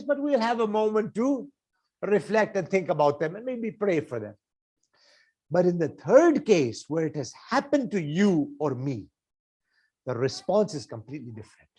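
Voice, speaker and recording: A man's voice: high-pitched, a little mellow. A man preaching a sermon, earnest and full of rhetorical questions, acting out everyday conversations.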